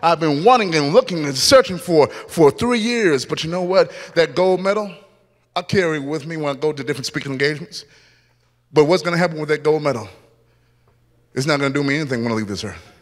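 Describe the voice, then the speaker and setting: A man giving an animated testimony as a guest speaker at a church, acting out scenes from his story. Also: fairly high pitch, a little fast. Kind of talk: testimony sermon. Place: church hall. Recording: long reverb of a church hall.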